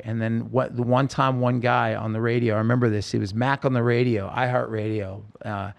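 Creaky-voiced man recounting, halting and earnest. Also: mid-range voice. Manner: halting, with many restarts and self-corrections. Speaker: interview guest. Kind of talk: emotional personal storytelling.

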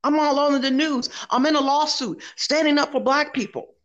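A woman's voice: high-pitched, steady tone, moderate pace, highs cut off, pitched above the performer's own voice, natural voice. A woman voicing a defensive coworker who rants insistently and repeats herself. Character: defensive, ranting woman coworker, near hysterical.

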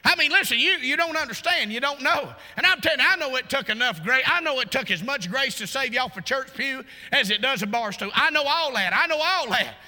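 A man preaching a sermon in a fervent, folksy way, climbing to shouts and breaking into laughing asides. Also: very high-pitched, animated, a little fast, few pauses. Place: church sanctuary. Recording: long church reverb.

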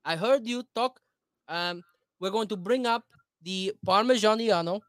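A loud, brash male home cook with a thick mock Italian American accent, clucking through a recipe in a raised, boisterous voice, as a young man puts him on. The delivery is hammy and repetitive, close and dry. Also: high voice, unhurried, no echo, voice pushed up.

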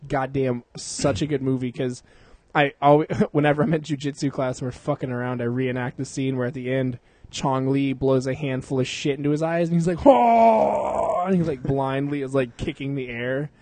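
A man's voice: mid-range voice, little pitch movement, brisk, a little mellow, dry recording. A young man hosting a casual podcast, rambling and swearing a lot, laughing often. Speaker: podcast host.

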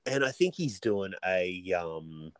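A man, co-hosting a casual movie podcast, profane and animated, often dropping into joking put-on voices. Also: deep voice, slow pace, smooth, dry recording. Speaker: podcast co-host.

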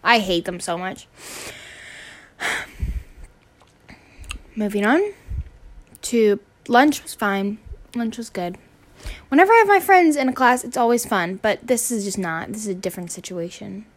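A woman's voice: mid-range voice, big pitch swings, unhurried, long pauses. A teenage girl ranting casually on her podcast, exasperated and swearing, rambling with restarts. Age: teens. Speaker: student podcaster.

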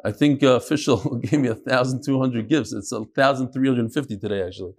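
A man's voice: medium pitch, fairly quick, a little mellow, breathy edge. A man hosting a daily class, reading out sponsor dedications and listener messages with casual asides. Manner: conversational, ad-libbing asides while reading. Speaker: rabbi and class host.

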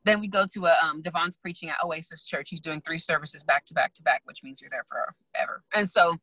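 A young adult woman, a guest and magazine founder, telling her story in a lively way, acting out quoted voices and laughing often. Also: low-pitched, brisk, no room sound, poor audio. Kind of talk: animated storytelling in casual chat.

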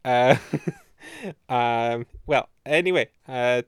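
A man's voice: mid-range voice, drawn-out words, clear, resonant tone, no room sound, studio quality. A young man from Canada chatting on his podcast from bed, giggling often, rambling and swearing. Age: young adult. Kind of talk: casual solo chat.

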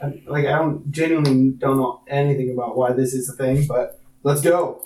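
A man's voice: mid-range voice, fairly even intonation, normal speed, darkish tone, slight background noise. A man co-hosting a comedy podcast in casual, playful chat, laughing often. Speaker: podcast co-host. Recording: roomy echo.

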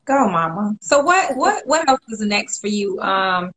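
A woman's voice: mid-range voice, sing-song, unhurried, fairly bright tone, a little hiss or hum. Enthusiastic woman radio host. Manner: enthusiastic, cheers the guest on. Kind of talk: radio interview.

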